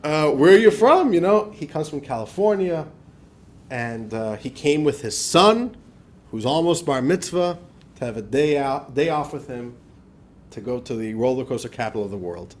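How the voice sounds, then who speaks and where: A man teaching a class as a rabbi, telling stories in a lively lecture style, acting out quotes and laughing often. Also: mid-range voice, normal speed. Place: class in front of a live audience.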